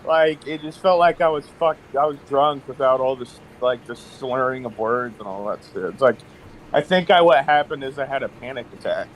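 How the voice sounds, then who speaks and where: A man's voice: medium pitch, normal speed, a little hiss or hum, rough recording. A young man telling a personal story in a casual podcast chat, rambling with lots of fillers and restarts. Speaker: guest.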